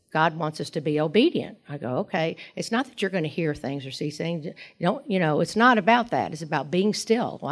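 A middle-aged woman giving a personal talk at a recovery meeting, rambling through her story with many asides and quoted dialogue. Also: on the low side.

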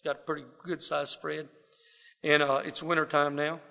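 A man's voice: a little high, little pitch movement, moderate pace, creaky, sharp tone, big-room sound. A man from South Texas with a Southern drawl, telling his life story in a folksy, rambling way full of fillers. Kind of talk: personal testimony talk. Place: wooden building, to a gathered audience.

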